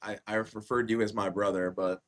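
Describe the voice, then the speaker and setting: This is a man hosting a casual podcast, recounting a story in a slightly low voice. He swears freely and acts out each quoted line with sudden loud bursts. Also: level tone, a little fast. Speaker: podcast host.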